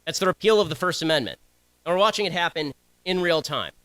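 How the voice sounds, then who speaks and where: A young man giving a combative, sarcastic political speech to students, talking in rapid-fire bursts. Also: fairly high pitch, animated, sharp tone, clean tone, no echo, rough recording. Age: young adult.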